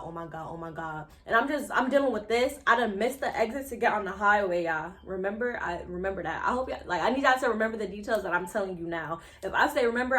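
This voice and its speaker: A young woman from New telling a story to her viewers in a chatty, animated way, full of fillers. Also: mid-range voice. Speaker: vlogger. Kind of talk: casual storytime to camera.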